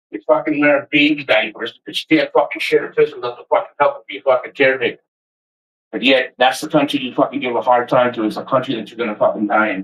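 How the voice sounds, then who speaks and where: A man ranting to camera in a passionate, energetic, heavily profane way, rambling and restarting as he makes his points. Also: mid-range voice, lo-fi sound. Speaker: vlogger. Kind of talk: casual rant to camera.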